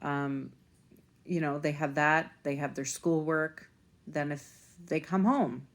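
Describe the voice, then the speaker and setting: A woman's voice: deep voice, fairly even intonation, slow. A woman talking casually to the camera as a parent vlogger, rambling a little and using plenty of fillers. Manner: conversational, rambling, with fillers and restarts.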